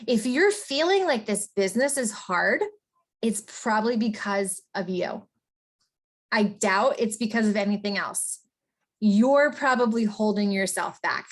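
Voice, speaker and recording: A woman coaching business owners in a casual, energetic motivational talk, chatty and emphatic. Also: mid-range voice, unhurried. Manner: energetic, chatty, often asks "right?".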